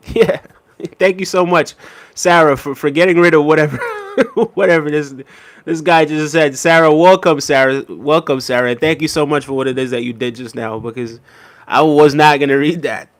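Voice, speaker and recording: A man hosting a spiritual live stream, casually chatting and reading viewer comments aloud, with a relaxed, easygoing delivery and frequent "right?" check-ins. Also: on the high side. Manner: relaxed, conversational, laughs often, frequent "right?" and "big up". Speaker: livestream host reading chat.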